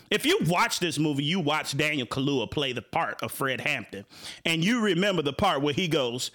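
Animated Chicago man hosting a talk show. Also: fairly high pitch, normal speed. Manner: animated, repeats words and restarts. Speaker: host. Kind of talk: casual talk show commentary.

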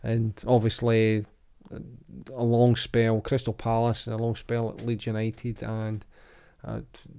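A man hosts a relaxed football podcast, reading from an old magazine and quizzing his co-host. His voice is dark and mellow, with a chatty, easygoing delivery. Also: medium pitch, slow, clear, resonant tone. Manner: chatty, reads quotes aloud with lively voices. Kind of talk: casual football chat.

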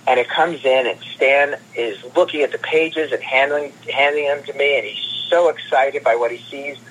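A man, a guest comics producer, telling animated stories in an interview and repeating words as he goes. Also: medium pitch, moderate pace, slightly rough, low-quality recording. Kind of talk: anecdotal interview storytelling.

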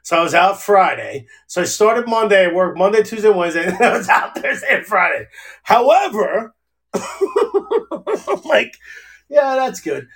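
A man's voice: high voice, lively intonation, brisk, fairly bright tone. A man with a New Jersey accent hosting a podcast, telling rambling stories in casual chat, swearing constantly and laughing as he goes. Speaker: podcast host.

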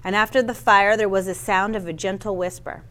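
A woman's voice: medium pitch, steady tone, brisk, a bit bright. Brief: woman preacher, reads scripture aloud then teaches, casual asides, trips on old names. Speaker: Bible teacher. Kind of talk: sermon with Bible reading.

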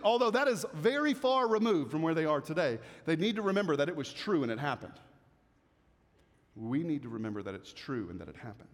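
Male pastor, high voice, animated preacher, big reverberant church hall. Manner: animated preaching, swings between loud emphasis and soft asides. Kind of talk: sermon.

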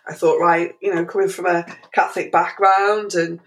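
A middle-aged woman, an interview guest, telling a story in an animated way with many restarts and fillers. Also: on the low side, moderate pace, low-quality recording.

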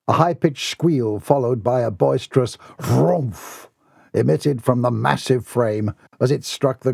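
A man's voice: medium pitch, warm tone, breathy edge, no echo, clean studio sound. A man narrating a comic novel as an audiobook in a theatrical, wry manner. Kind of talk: scripted narration.

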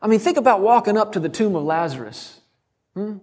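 A man's voice: high voice, animated, brisk, a little mellow. A middle-aged man preaching a sermon as a guest speaker, bold and emphatic with touches of humor.

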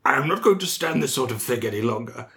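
A man voicing a Victorian boss, growling at first and then booming with hearty goodwill. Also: lively intonation, fast talker, creaky, crowd noise. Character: gruff Victorian male boss turned jolly.

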